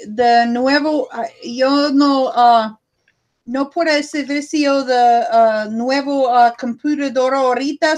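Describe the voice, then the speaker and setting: An American woman with a high, light voice hosts a relaxed podcast chat. She talks in a loose, chatty way and reads out viewer comments between her own remarks. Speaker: podcast host.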